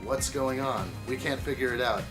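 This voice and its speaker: Over music, a man of medium pitch and moderate pace runs a building live stream, keeping the chat casual and cheerful while welcoming viewers by name.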